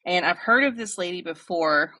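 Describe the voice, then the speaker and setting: A woman's voice: on the low side, expressive, moderate pace, crowd noise. A woman co-hosting a podcast, telling a story in a loose, informal way with plenty of fillers. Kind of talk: casual podcast chat.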